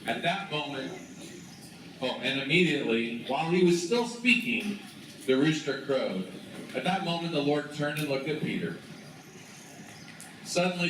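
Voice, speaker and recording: A man giving a relaxed storytelling sermon to students in a school chapel, chatty and calling on the room to join in. He talks at an unhurried pace from well away from the mic. A heavy chapel echo and steady background noise surround his voice. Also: medium pitch, recorded from a distance. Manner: casual, conversational, prompts the audience to join in. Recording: very echoey chapel from afar, noisy.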